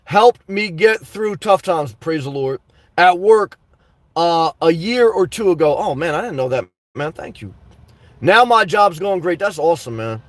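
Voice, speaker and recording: A man's voice: fairly high pitch, animated, measured pace, no echo. A man hosting a livestream, reading live chat aloud in a rambling, earnest way and calling his viewers guys and man. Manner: rambling, earnest, repeats words.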